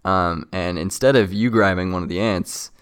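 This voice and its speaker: A man's voice: low voice, moderate pace, smooth. A man running a tabletop game as game master, laid-back and laughing often.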